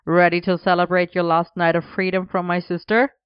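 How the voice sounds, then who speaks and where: A woman's voice: fairly low pitch, level tone, fairly quick, smooth, no echo, muffled recording, close to an everyday voice. A woman voicing a boisterous, bossy young man who lays down the rules with wry insistence, in a storybook reading. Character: boisterous, bossy older-brother type man.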